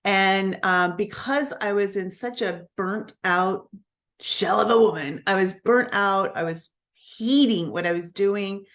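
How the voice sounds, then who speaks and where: Woman, network marketing coach, live-stream storytelling, candid, earnest, mid-pitched voice, frequent restarts. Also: measured pace, fairly bright tone.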